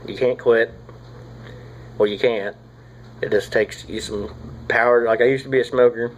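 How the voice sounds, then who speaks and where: A young man, rambling casually through a product review, swearing often and filling pauses with "uh" and "like.". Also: medium pitch, steady tone, slight background noise, rough recording. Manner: rambling, profane, drawling with frequent fillers. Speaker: tobacco reviewer.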